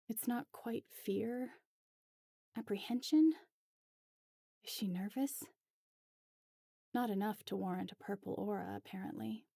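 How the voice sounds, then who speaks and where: Slow, gravelly woman narrator. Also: medium pitch, dark tone, dry recording, studio quality. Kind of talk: reading fan fiction aloud.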